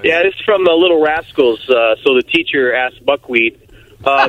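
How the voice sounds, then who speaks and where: A man's voice: medium pitch, normal speed, a bit bright. Male caller telling a joke and chanting a rhyme, sing-song, on a dull phone line.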